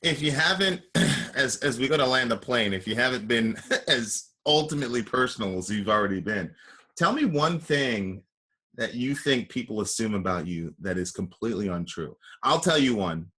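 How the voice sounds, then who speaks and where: A man's voice: medium pitch, lively intonation, normal speed, bright, forceful tone, breathy edge. A man hosting an interview, telling a story and laughing as he talks. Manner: storytelling, laughs while talking. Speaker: interview host. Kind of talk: casual interview chat.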